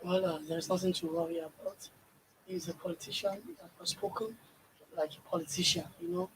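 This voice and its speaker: A man commenting on politics in a studio discussion, relaxed and brushing off concern. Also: high-pitched, brisk, a little hiss or hum, low-quality recording.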